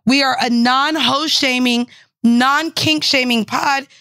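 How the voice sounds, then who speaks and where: A woman's voice: sits high, slow, dry recording, studio quality. A woman co-hosting a podcast, teasing her co-host in loose, swearing banter. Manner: teasing, lively, swears freely.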